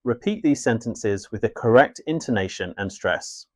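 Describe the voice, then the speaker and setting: A man narrating a scripted English lesson in a clear, measured, instructive way. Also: on the low side, animated, darkish tone, no room sound, clean studio sound. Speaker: English teacher.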